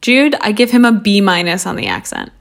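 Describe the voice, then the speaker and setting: A woman's voice: mid-range voice, fairly quick, creaky. A young adult woman co-hosting a film podcast, talking casually and playfully with lots of fillers. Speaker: podcast co-host. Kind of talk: casual film-review chat.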